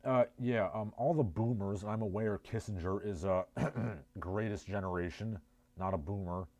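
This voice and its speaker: Low, mellow New Jersey man. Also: measured pace, dry recording. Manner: sardonic, rambling asides. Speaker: livestream host. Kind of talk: casual livestream chat, reading chat messages.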